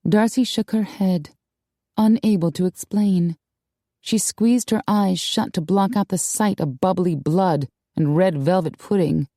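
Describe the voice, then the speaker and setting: A woman narrating a romance audiobook in an expressive storytelling manner. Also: fairly low pitch, measured pace, no echo, clean studio sound. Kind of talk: scripted narration.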